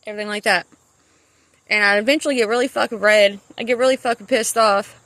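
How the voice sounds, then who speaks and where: A woman's voice: mid-range voice, quick pace, fairly bright tone, dry recording. A woman telling a rambling personal story to camera, swearing freely and stopping to restart her sentences. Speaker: vlogger. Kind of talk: casual storytelling.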